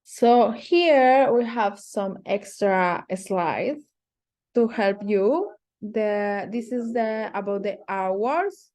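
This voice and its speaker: A woman teaching phrases in English, speaking haltingly with many fillers and restarts. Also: mid-range voice, lively intonation, a little mellow. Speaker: Spanish teacher. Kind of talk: online language lesson.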